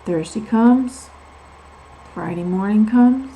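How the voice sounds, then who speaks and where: A woman with a gravelly, creaky voice confides her own story to the camera. She talks candidly, leaning on repeated words for emphasis. She wanders onto side tangents before pulling back to the point. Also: on the high side, slow, phone-quality sound, a little hiss or hum. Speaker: vlogger sharing her medical experience. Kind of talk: personal storytelling vlog.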